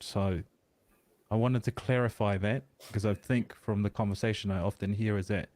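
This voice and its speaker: A man's voice: fairly low pitch, fairly even intonation, moderate pace, a little mellow, no echo. A man on a podcast making his point emphatically, in a lecturing way. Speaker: podcast guest. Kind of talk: casual podcast discussion.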